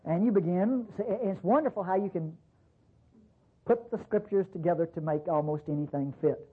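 A man's voice: high voice, moderate pace, slightly rough. A man preaching a sermon in a folksy way, with rhetorical questions and frequent restarts. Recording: tinny phone-like recording.

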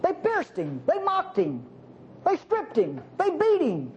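Animated preacher, sermon with playful asides, swooping pitch, dull recording with faint hiss. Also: slow. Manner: animated, jokey asides to the congregation.

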